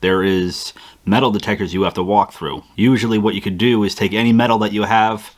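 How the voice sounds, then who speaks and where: Man recounting a story, low voice. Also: a little fast. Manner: animated retelling with frequent restarts and acted-out inner quotes. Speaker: vlogger. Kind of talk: casual storytelling to camera.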